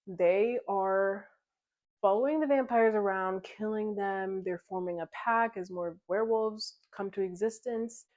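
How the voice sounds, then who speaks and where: A woman's voice: medium pitch, a little slow, darkish tone, muffled recording. A woman casually recapping a novel in a chatty, giggly way, slipping into the characters' lines as she retells the plot. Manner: chatty retelling, slips into quoted dialogue. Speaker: book club vlogger.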